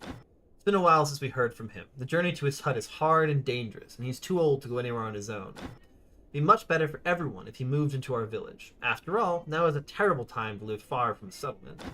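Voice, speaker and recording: A man's voice: medium pitch, expressive, brisk, pushed and bright, slight background noise. A man reading the lines of a mild-mannered bald village priest in a game, earnest and explaining.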